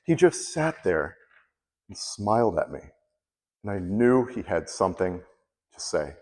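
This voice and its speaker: Animated man telling a story in a hall. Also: low-pitched, unhurried. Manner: animated, acts out quoted people. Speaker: contest speaker. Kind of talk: humorous storytelling speech. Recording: long hall reverb.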